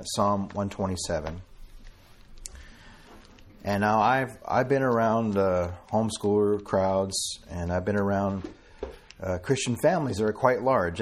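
A man's voice: lowish voice, slight background noise. A man preaching an informal sermon to a small group, talking conversationally, addressing listeners by name and reading scripture in old-fashioned wording.

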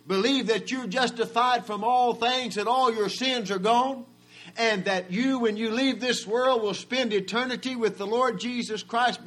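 A high-pitched man preaching, swelling to shouted climaxes and falling back to a low, hushed delivery. A faint electrical hum sits under the recording. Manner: swelling to a shout at peaks, then dropping low. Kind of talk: sermon. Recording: mains hum in the background.

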